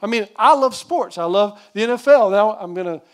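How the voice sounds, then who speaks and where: A man with a high voice preaching to his congregation. He presses his points hard and keeps asking the listeners questions. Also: expressive, fairly quick. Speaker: pastor. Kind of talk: sermon.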